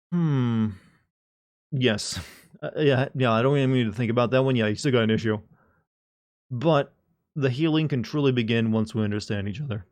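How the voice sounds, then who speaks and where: A man with a medium-pitched, darkish voice chats casually to his live-stream audience. He jokes and rambles, often restarting sentences and talking to chat.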